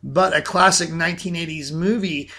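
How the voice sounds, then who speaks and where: A man with a high, bright voice co-hosts a casual film podcast. He talks in animated bursts and often repeats words and restarts his sentences. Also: normal speed, vocal fry. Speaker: podcast co-host.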